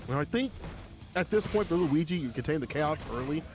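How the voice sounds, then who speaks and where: A man's voice: a little high, lively intonation, brisk, over music. Slangy laid-back man calling fights. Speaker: esports commentator. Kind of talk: casual play-by-play commentary. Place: small closet at home.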